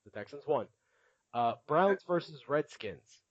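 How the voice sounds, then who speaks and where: A man's voice: a little high, expressive, measured pace, dry recording, muffled recording. A man hosting a casual podcast, chatty and laughing often as he recaps, with many filler words. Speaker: podcast host.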